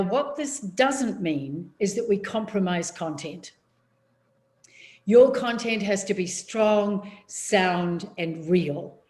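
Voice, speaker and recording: A New Zealand woman coaching public speaking over a video call from her office. Her delivery is measured and emphatic, with deliberate pauses between points, pitched in an everyday middle range. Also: a little mellow. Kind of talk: online workshop talk. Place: home office, seated on a chair.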